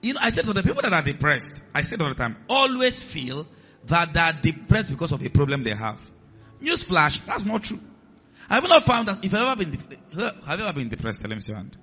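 A man's voice: on the high side, very animated, fairly quick, sharp tone, slightly rough, lo-fi sound, soft background music. A man preaching a sermon as pastor, acting out voices in his stories and dropping to a hiss for commands. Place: church hall with a congregation.

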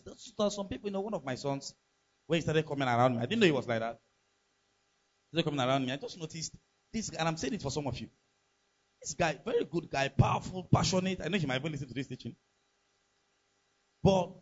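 A man's voice: on the high side, husky, lo-fi sound. A man preaching a sermon as pastor, emphatic and full of rhetorical questions to the congregation.

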